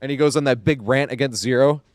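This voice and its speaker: A man's voice: mid-range voice, quick pace, dry recording, clean studio sound. Easygoing man in casual stream chat. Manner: rambling, filler-heavy, laughs often. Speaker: game streamer.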